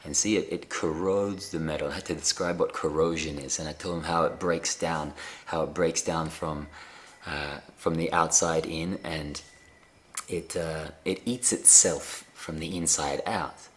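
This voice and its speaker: A man with a very deep voice gives a reflective spiritual talk over a live video call. He speaks gently and unhurriedly, pausing often with fillers and restarts, with a faint hum of ambient noise behind him. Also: fairly even intonation. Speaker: spiritual teacher.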